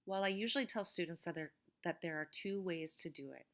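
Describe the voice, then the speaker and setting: A woman teaching an English vocabulary lesson, speaking words slowly and clearly to explain word stress. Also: lowish voice, fairly bright tone.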